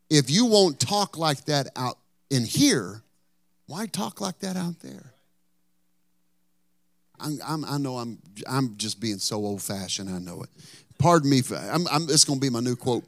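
A man preaching a sermon, telling a story and then pressing his point, at times rising to loud outbursts and at times dropping to a whisper. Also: mid-range voice, no echo, clean studio sound. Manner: drops to a whisper for emphasis. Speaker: pastor.

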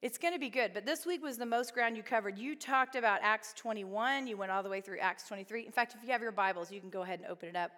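A woman's voice: a little high, fast, hardly any pauses, bright, forceful tone. A woman teaching a Bible study class in a chatty way, often asking the group questions. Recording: long reverb of a hall.

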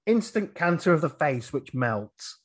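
Mann, der locker über einen Film plaudert. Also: male voice, on the high side, big pitch swings, measured pace, breathy edge. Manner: rambling, with fillers and acted-out quotes. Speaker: podcast host. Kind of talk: casual film chat.

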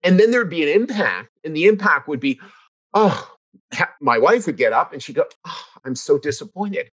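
A man's voice: on the high side, expressive, moderate pace, fairly bright tone, slightly rough, lo-fi sound. A middle-aged man co-hosting a casual talk, telling a personal story in an earnest, reflective way with frequent restarts. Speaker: podcast co-host. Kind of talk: casual conversation.

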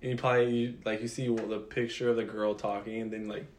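A man's voice: fairly low pitch, flat delivery, quick pace, slight background noise. A young man co-hosting a podcast, joking in slang with mumbled asides. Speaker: podcast co-host. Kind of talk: casual chat.

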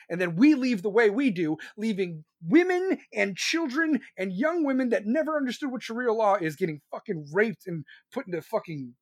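A man's voice: sits high, no echo. Man in his forties, angry profane rant, dry close sound. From United States. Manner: angry, crude, repeats himself. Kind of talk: profane ranting monologue.

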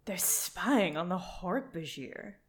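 A woman reading the lines of a gentle young girl in a storybook, soft and dreamy. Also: lowish voice, expressive, takes it slowly, breathy edge, full character voice.

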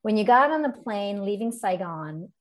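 A woman's voice: mid-range voice, expressive, moderate pace. A woman hosting an interview, asking questions and laughing along with her guest. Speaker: host. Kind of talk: interview host.

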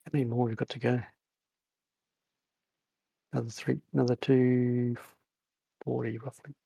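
Gravelly guy at the game table, joking around, dry close mic. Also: mid-range voice, little pitch movement, normal speed, warm tone, dry recording, muffled recording. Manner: joking, easygoing. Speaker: player. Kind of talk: casual tabletop chat.

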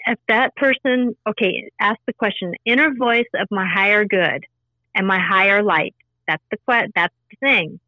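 A woman's voice: on the high side, sharp tone, dry recording, muffled recording. A woman talking earnestly in a casual interview, explaining her spiritual practice in a repetitive, teaching way. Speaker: spiritual intuitive guest.

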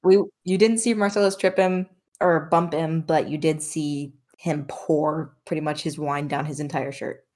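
A woman narrating a tabletop game as game master, in a relaxed, casual way. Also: low-pitched, normal speed, hardly any pauses.

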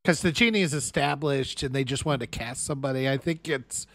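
A man's voice: mid-range voice, fairly quick, fairly bright tone, no room sound, clean studio sound. A man in his forties, co-hosting a live show from his home office, joking in a wry, laid-back way. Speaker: podcast co-host. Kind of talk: casual live-show banter.

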